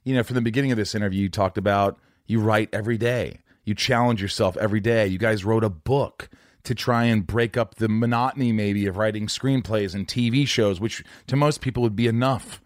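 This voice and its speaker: A man's voice: fairly low pitch, fairly even intonation, a little fast, dry recording. Joking man in his forties, dry sound. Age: 40s. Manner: joking, teasing, gushing. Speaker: podcast host. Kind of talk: casual chat. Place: his home.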